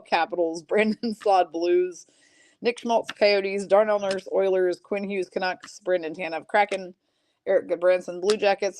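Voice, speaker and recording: Hosting a live card break, a medium-pitched woman rattles off player and team names, chats casually with viewers between pulls, and clears her throat now and then.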